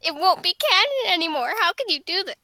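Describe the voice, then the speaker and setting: A woman playing in a tabletop game, reacting with excitable outbursts. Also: very high voice, fast talker, no room sound. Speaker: player. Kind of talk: casual tabletop play.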